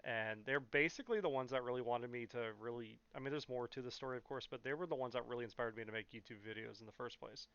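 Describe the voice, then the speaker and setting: A man's voice: medium pitch, fast talker, few pauses, a bit bright, smooth. A young man in California rambling through a casual question-and-answer vlog, full of fillers and blunt swearing. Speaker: YouTuber. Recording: dull, muffled, dry sound.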